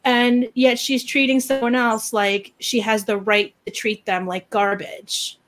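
A woman chatting casually as a podcast host, ranting in an animated, opinionated way. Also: on the high side, measured pace. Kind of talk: casual chat.

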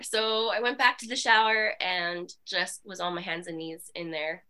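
A woman guest on a podcast telling her personal story in a candid, animated way, with many fillers. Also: lowish voice, moderate pace, few pauses, clear, resonant tone. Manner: animated, with frequent fillers and laughs.

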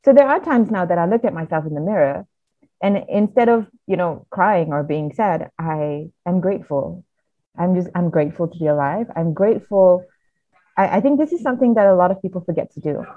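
A woman with a somewhat low voice speaks earnestly and reflectively as a podcast guest, often restarting her sentences. The sound is thin and tinny, like a phone line. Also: expressive, fairly quick, no room sound. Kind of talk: candid personal storytelling.

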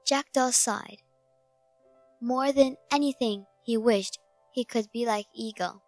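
A woman narrating a children's fable slowly and gently, recorded close on a dry mic. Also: on the high side, dry recording, soft background music. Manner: slow, gentle storybook reading. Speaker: storyteller.

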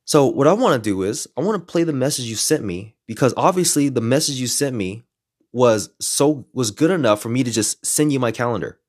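A man in his twenties, a podcast host telling a story in casual, lively style, adding some playful swearing. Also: medium pitch, brisk. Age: 20s.

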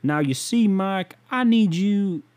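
A man voicing an elderly football team owner, with a slow, halting drawl. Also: sits high, animated, darkish tone, voice pushed up. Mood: cajoling.

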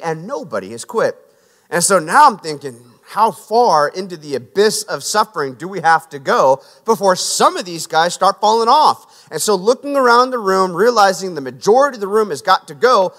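A man's voice: sits high, fairly bright tone. A man preaching a sermon and telling stories from his military training, in an earnest, conversational way with restarts, recorded in a hall. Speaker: preacher and former Navy SEAL. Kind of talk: sermon with personal story. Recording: echoey hall with long reverb.

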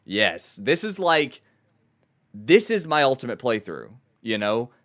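A man's voice: mid-range voice, very animated, slow pace, fairly bright tone. A man in casual podcast chat about games, with a mid-range voice. He rambles and restarts his sentences as he goes. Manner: rambling, frequent restarts and fillers. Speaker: podcast co-host and streamer.

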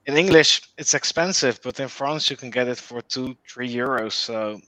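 Dutch-native man, casual podcast guest, bright voice, dry close sound. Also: medium pitch, normal speed, dry recording, low-quality recording. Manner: searches for words, friendly.

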